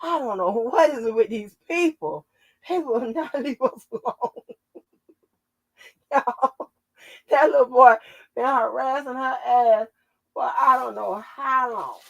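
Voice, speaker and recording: Female channel host, gravel in the voice, loose, profane and laughing, dry close sound. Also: high-pitched, takes it slowly, long pauses, dry recording, low-quality recording. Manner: salty, laughing, profane storytelling. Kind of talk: casual livestream chat.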